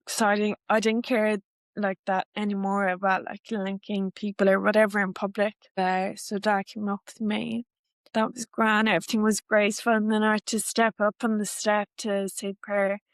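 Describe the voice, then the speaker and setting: A woman's voice: mid-range voice, dry recording. A woman in her twenties with an Irish accent, a podcast guest telling a personal story in a chatty, rambling way full of fillers. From Ireland. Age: 20s.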